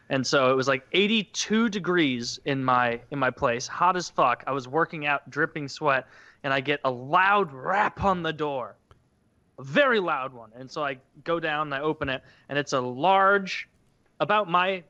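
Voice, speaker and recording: A man's voice: mid-range voice, normal speed, sharp tone, smooth, no room sound, highs cut off. A man hosting a podcast, telling a story in a rambling, crude, self-mocking chat. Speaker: podcast host.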